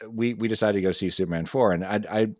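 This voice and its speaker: A man's voice: lowish voice, fast talker, no echo, studio quality. A man in his fifties co-hosting a podcast, casually reminiscing about seeing a movie. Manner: rambling storytelling, reminiscing with restarts. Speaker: podcast co-host. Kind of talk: casual movie breakdown chat.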